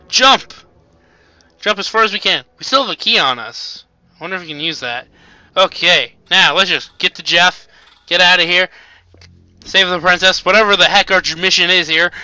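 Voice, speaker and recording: A young man with a high, very bright voice talks through a video game, chatty and quick to yell at whatever attacks him. His tone is smooth and crisp, but the home mic recording sounds dull and lo-fi. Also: no echo. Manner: excitable, yells at enemies, chatty asides. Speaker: let's play gamer. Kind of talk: casual gameplay commentary.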